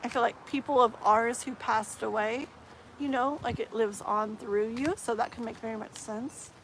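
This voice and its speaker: A woman chatting casually on a live stream as a tarot reader, rambling and often sinking into soft murmurs. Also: a little high, steady tone, moderate pace, a little hiss or hum, low-quality recording.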